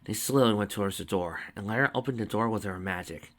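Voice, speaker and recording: A man with a fairly low voice narrates a story aloud. His tone is bright and forceful, and his reading stays steady and even. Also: quick pace. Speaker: story reader. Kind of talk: reading fan fiction aloud.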